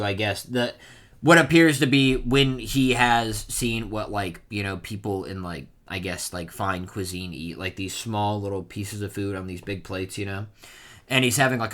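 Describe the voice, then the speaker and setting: A man's voice: fairly low pitch, fairly bright tone. A man giving casual reaction commentary on a manga chapter, rambling with many fillers.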